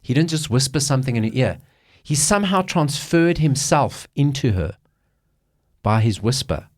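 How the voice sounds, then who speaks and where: A man co-hosting a casual podcast, retelling movie plots in an animated way and swearing freely. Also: medium pitch, normal speed. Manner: animated storytelling, swears, acts out quotes. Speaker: podcast co-host. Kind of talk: casual chat.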